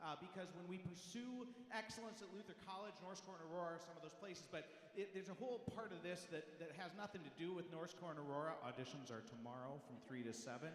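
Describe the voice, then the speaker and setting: A man's voice: fairly high pitch, fast talker, hardly any pauses. A man leading a large crowd, teaching a fight song with coaxing call-and-response. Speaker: choir director leading a crowd. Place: large concert hall. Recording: echoey hall, long reverb.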